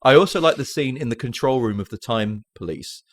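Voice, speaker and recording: A man co-hosting a podcast, telling film scenes with animated, casual chat. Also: mid-range voice, no echo, studio quality. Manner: animated storytelling, quick asides. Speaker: podcast co-host.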